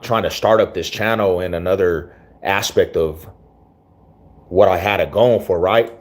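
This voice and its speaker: A man hosting his own channel, talking casually to camera in slangy, rambling speech with many restarts. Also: lowish voice. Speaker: YouTube channel host.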